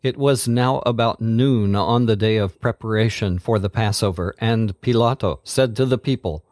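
A man hosting a Bible podcast, reading scripture in a measured, deliberate way. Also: on the low side, darkish tone, dry recording, studio quality.

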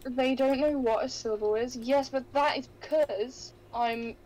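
A young woman with a high voice chats through a gaming stream. She giggles often and teases herself. The talk is casual and rambling. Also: fairly even intonation, measured pace, a little mellow, a little hiss or hum, poor audio. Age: young adult. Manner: playful, giggly, self-mocking. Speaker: Minecraft streamer.

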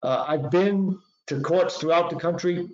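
A middle-aged man with a Boston accent walks through a presentation as a patent attorney, chatty and full of fillers and restarts. His voice sits a little high. The recording is roomy and echoey, with a dull, lo-fi sound. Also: unhurried, darkish tone. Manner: conversational, frequent fillers and self-corrections. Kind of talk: webinar presentation.

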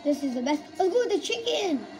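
A woman giving casual, playful gameplay commentary as a gaming YouTuber, excitable and calling everyone bro. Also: sits high, quick pace, soft background music, low-quality recording.

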